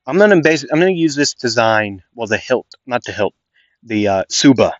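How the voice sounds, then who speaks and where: A man's voice: mid-range voice, big pitch swings, normal speed, no room sound, lo-fi sound. A young man casually improvising a fan story, rambling with many fillers and restarts.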